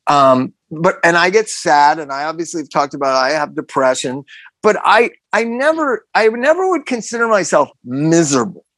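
An animated man chatting on his own podcast, his pitch swinging widely as he presses his points. He repeats phrases for emphasis. The sound is dry and close. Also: moderate pace, dry recording. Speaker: podcast host. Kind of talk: casual podcast chat.

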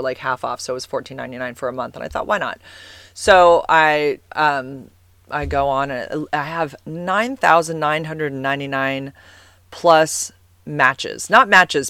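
The recording has no echo, and her low-pitched voice carries a fairly bright tone. She's a California woman in her forties vlogging casually to camera, rambling through personal stories with plenty of fillers and "like"s.

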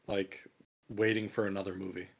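A man's voice: low-pitched, level tone, moderate pace. A man chatting on a casual podcast in a matter-of-fact way.

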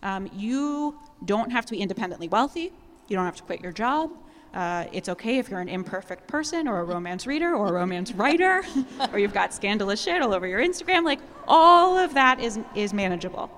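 An earnest woman speaks as a guest to a live audience, keeping a warm tone and laughing lightly. Her voice sits mid-range and rings through a large hall with long reverb. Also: medium pitch, animated, fairly quick. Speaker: guest speaker on civic action.

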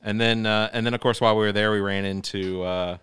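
A man chatting casually on a podcast, halting and restarting his sentences but eager. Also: on the low side, fairly even intonation, a bit bright, clean tone, no echo. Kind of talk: casual chat.

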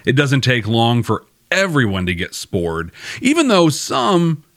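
A man hosts a podcast with a chatty, wry recap of a TV episode, laughing at his own jokes. His mid-range voice swings hugely in pitch, runs a little slow and sounds a bit bright, on a dry, clean studio recording.

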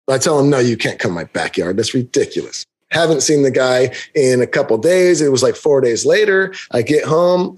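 A man's voice: mid-range voice, a little mellow, breathy edge. A man co-hosting a podcast, telling a long story in casual chat and acting out the quotes with big jumps in his voice. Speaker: podcast co-host.

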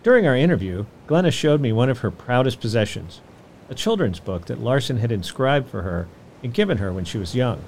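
A man hosting a podcast, telling a history story in scripted documentary narration with an expressive delivery. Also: medium pitch, fairly quick, a little hiss or hum. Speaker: podcast host.

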